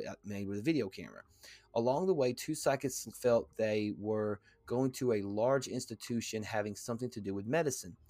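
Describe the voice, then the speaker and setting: A man hosting a podcast, reading a text aloud in a halting way, with fillers and stumbles. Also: medium pitch, a little mellow, no echo. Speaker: podcast host.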